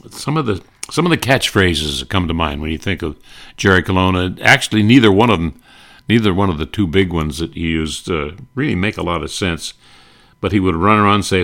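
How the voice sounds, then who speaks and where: An older man hosting a rambling, nostalgic talk, with frequent pauses and restarts. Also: sits low, a bit bright. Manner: rambling, many fillers and restarts. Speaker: host.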